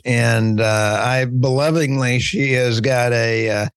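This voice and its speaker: Joking Texas-Oklahoma podcast host. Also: male voice, medium pitch, a little slow, vocal fry, hardly any pauses, fairly bright tone, dry recording, clean studio sound. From southern United States. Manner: jokey, self-deprecating, rambling. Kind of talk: casual podcast chat.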